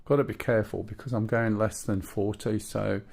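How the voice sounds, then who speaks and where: Gravelly low man narrating gameplay. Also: steady tone, moderate pace, a little mellow. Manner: explains his flying controls step by step; chatty and opinionated. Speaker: streamer flying a helicopter in a flight sim. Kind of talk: live gameplay commentary.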